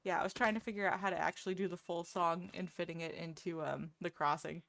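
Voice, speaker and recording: A woman's voice: fairly low pitch, fairly even intonation, fast, vocal fry, fairly bright tone. A woman streamer chatting casually with her viewers, self-deprecating and laughing often. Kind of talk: casual live-stream chat.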